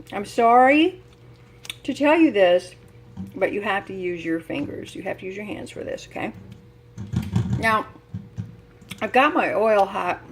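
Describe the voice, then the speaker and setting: Chatty older woman cooking at home. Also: mid-range voice. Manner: chatty, folksy, self-deprecating, laughs often. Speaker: home cook. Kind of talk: casual cooking demonstration. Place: home kitchen.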